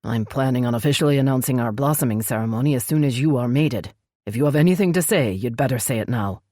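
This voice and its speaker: A woman narrator voices a stern, brooding elf crown prince in an audiobook, growling his lines in a gruff, curt, angry way. Her voice sits very low and sounds mellow, dry and close with no echo, and she talks fast.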